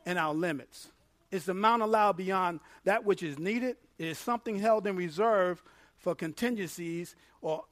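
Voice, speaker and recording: A man preaching a sermon as pastor, animated and laughing as he acts out little dialogues. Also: high voice, dry recording.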